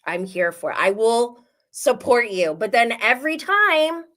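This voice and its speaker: Slow-talking gossipy woman host. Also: fairly high pitch. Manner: animated gossipy, laughing often. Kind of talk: casual reality TV recap.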